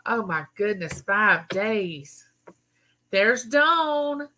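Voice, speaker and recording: A middle-aged woman from Mississippi with a Southern accent speaks in a fairly high, animated, sharp voice, a little slowly, on a rough recording. She hosts a YouTube channel and greets viewers by name during a casual live chat.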